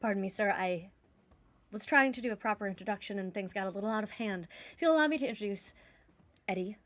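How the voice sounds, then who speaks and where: A woman voicing a poised young female vampire debutante, formal, polite and soft-spoken. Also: mid-range voice, quick pace, dry recording, natural voice.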